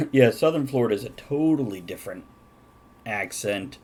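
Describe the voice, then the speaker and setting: A man's voice: mid-range voice, animated, normal speed, slightly rough. An American man hosting a casual live talk show, teasing and joking with his guests. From United States. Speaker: host. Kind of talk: casual chat.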